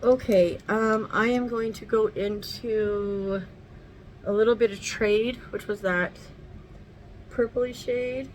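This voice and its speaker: A woman's voice: on the high side, fairly even intonation, takes it slowly, a little hiss or hum, rough recording. Chatty woman doing makeup. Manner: chatty, rambling, swears casually; talks sweetly to her dog. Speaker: makeup vlogger. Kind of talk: casual makeup tutorial chat.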